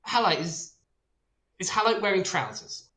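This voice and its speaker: Male DM, bright and casual, lots of ums, roomy echoey sound. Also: sits high, normal speed. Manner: relaxed, hesitant narration with many fillers. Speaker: dungeon master. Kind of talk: narrating a tabletop game.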